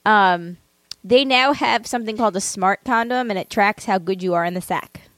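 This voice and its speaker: A woman's voice: mid-range voice, normal speed, a bit bright, dry recording. A woman co-hosting a casual podcast, blunt and teasing, swearing offhandedly. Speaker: podcast co-host. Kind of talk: casual chat.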